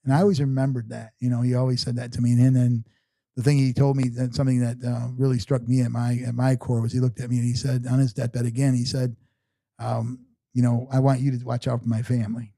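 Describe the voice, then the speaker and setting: A middle-aged man, a guest on an interview show, tells a personal story with halting restarts and frequent fillers. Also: medium pitch, level tone, gravelly, mellow, dry recording. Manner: halting, repeats words, many "you know"s.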